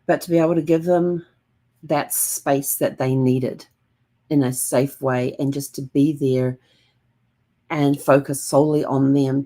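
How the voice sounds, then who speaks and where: Low-voiced woman, gentle rambling vlog. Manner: gentle and calm, rambling with many fillers. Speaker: host. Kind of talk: casual reflective vlog.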